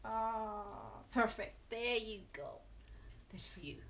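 A woman's voice: on the high side, expressive, takes it slowly, a little hiss or hum. A woman from England coaxing her cat into posing for photos, cooing and encouraging it along. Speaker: pet owner filming her cat. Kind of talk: coaxing talk to a pet.

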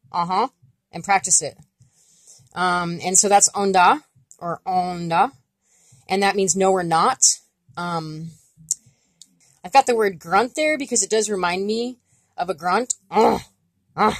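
A woman giving a relaxed, chatty online language lesson, often pausing on fillers and demonstrating sounds. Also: medium pitch, no echo. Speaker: language teacher.

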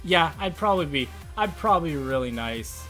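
A man's voice: on the high side, animated, a little fast, fairly bright tone, soft background music. A young man, live streaming a game and chatting casually with viewers, greeting and teasing them as he reads the chat. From Canada.

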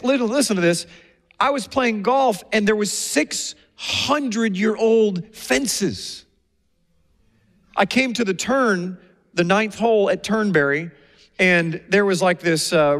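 A man with a high voice delivers a sermon, telling stories with energy and acting out the people he quotes. His voice rings through a large hall with a long reverb. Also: a bit bright. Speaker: pastor.

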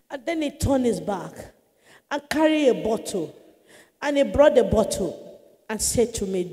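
A woman evangelist giving an impassioned preached testimony, often crying and shouting as she tells it. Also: sits high, animated, a little slow, pauses often, big-room sound.

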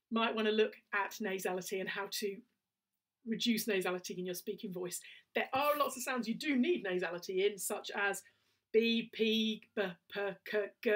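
A woman's voice: medium pitch, a bit bright, distant mic. A woman with a southern English accent, a singing teacher giving a casual spoken lesson, chatty and prone to little laughing asides. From England.

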